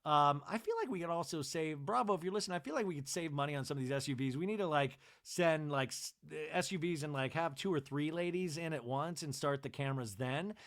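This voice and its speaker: Guy from jersey riffing on a reality show, pretty high voice, rambly and sarcastic. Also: a little fast, few pauses, fairly bright tone. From New Jersey. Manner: rambling, sarcastic, full of asides. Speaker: podcast host. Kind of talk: comedic TV episode recap.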